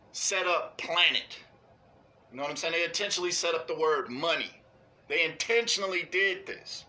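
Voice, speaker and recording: A man ranting off the cuff in a blunt, cursing way, always checking in with his listeners. His voice sits a little high and carries a very bright, forceful edge. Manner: blunt, profane, repeats "you know what I'm saying"; mocks others in high put-on voices. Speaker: online ranter. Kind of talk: unscripted rant.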